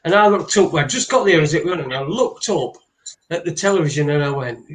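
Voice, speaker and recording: A man co-hosting a casual chat, ranting with animated, halting restarts. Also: fairly high pitch. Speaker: co-host.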